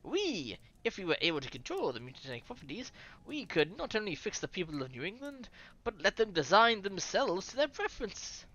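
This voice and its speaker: A streamer voicing a scholarly lecturer from a visual novel in a slow, measured way. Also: mid-range voice, sing-song, a bit bright, dull audio. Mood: lecturing. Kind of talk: reading a visual novel aloud.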